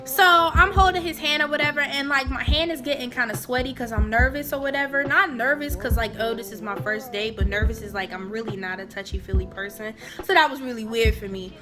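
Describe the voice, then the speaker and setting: A young woman telling a personal story in a casual, animated, chatty way. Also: sits high, brisk, hardly any pauses, over music. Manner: animated, chatty, jumping into quoted voices. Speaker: vlogger.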